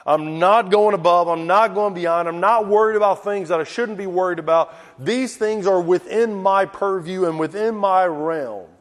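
A man preaching a sermon and reading scripture slowly and deliberately, his voice dropping low at the ends of phrases. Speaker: pastor. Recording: long reverb in a hall.

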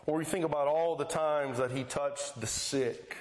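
A man's voice: on the high side, steady tone, normal speed, roomy sound. A man preaching a sermon who tells the Bible stories and acts out the lines of their people in quoted voices. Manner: storytelling, acting out the Bible scenes in quoted voices.

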